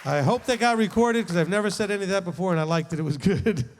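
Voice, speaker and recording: Man, rabbi, high voice, animated teaching talk, joking, long echo in a tent. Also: fast, a faint crowd, slight background noise. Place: large tent with a live group.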